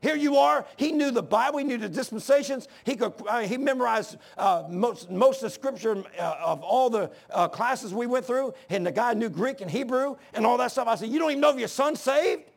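An older man preaching a sermon, swinging from shouting to hushed storytelling, with a gravelly, husky voice. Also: extremely high pitch, a little fast, hardly any pauses. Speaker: pastor.

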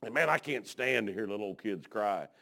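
A man preaching a folksy sermon, telling stories and dropping frequent amens, swinging from hushed to shouting. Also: lowish voice, animated, a little fast, creaky.

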